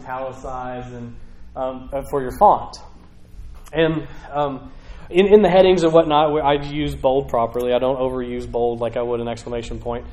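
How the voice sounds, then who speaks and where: A man's voice: on the high side, a little mellow, rough recording. A young man preaching a casual, conversational sermon from a church stage, rambling with many restarts and fillers.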